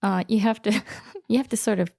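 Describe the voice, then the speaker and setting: Gravelly-voiced woman teacher who giggles often. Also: mid-range voice, normal speed, mellow, dry recording, clean studio sound. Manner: giggly, explains words patiently. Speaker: language teacher. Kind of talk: casual language-lesson chat.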